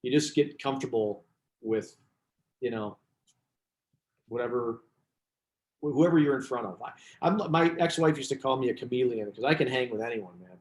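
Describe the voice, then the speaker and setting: A man, a business coach, chatting as a guest and telling lively stories with asides and restarts. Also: mid-range voice, moderate pace, pauses often. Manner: animated storyteller, frequent restarts and asides. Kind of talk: casual interview chat. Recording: roomy echo.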